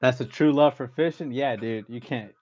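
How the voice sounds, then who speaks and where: Man, relaxed co-host sidekick, slangy short remarks. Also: mid-range voice, moderate pace, highs cut off, soft background music. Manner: laid-back, slangy, chimes in with short remarks. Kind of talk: casual livestream chat.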